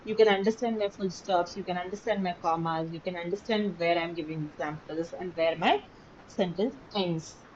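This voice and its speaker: Lady teacher lecturing, leans hard on key words, keeps asking okay?, bit dull lo-fi sound with faint rumble. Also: moderate pace, darkish tone. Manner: emphatic, repeats key words, checks understanding. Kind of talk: online class lecture.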